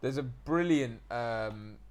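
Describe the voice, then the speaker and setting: A man with an RP accent in casual chat, chatty and animated, often imitating regional accents. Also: medium pitch, slow. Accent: Received Pronunciation.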